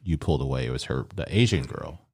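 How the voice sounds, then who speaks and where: A man's voice: rumbling low, expressive, quick pace, a little mellow, breathy edge. A man in casual chat who teases his friend and asks skeptical questions. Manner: laid-back, teasing, asks skeptical questions.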